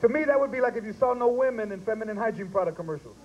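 A male stand-up comic with a high voice, delivering punchy bits on a live stage. The recording is dull and lo-fi, with faint hiss behind him. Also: expressive, racing. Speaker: stand-up comedian. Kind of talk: stand-up comedy set.

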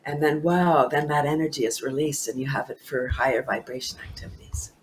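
A woman's voice: rumbling low, fairly even intonation, brisk, slight background noise. A woman guest on a talk show, speaking with bubbly enthusiasm, laughing often and repeating herself for emphasis.

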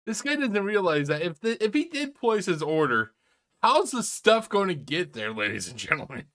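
A man's voice: sits high, very animated, normal speed, a bit bright. A man hosting a reaction video, giving sarcastic, incredulous commentary full of swearing and stumbling restarts. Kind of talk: mocking commentary on a clip.

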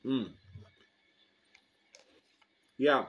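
A man's voice: fairly low pitch, moderate pace, highs cut off. A man casually reviewing hot sauce, rambling between bites and sips. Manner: relaxed, rambling, eating and sipping while talking.

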